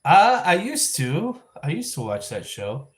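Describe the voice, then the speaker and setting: A man's voice: fairly high pitch, wildly swooping pitch, unhurried. Rambling man chatting on a livestream. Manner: rambling, thinking aloud with frequent restarts. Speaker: livestream vlog host. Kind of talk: casual live-stream chat.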